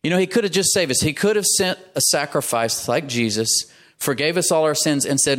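A man's voice: on the high side, animated, a little fast, a bit bright. Male pastor, emphatic sermon delivery with call-and-response.

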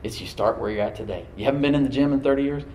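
A man's voice: mid-range voice, rapid-fire, warm tone, a little hiss or hum. A middle-aged male pastor preaching a sermon to his congregation, exhorting and repeating phrases for emphasis. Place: church hall with congregation. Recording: roomy church echo.

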